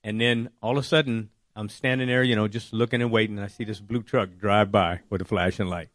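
A man telling a personal faith testimony, animated and acting out his own worried words. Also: fairly low pitch, fairly quick, no room sound. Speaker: testimony speaker.

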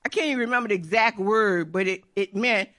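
A woman's voice: mid-range voice, fairly quick, a bit bright. A middle-aged woman telling a personal faith testimony in an earnest, repetitive storytelling way. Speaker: churchgoer giving testimony.

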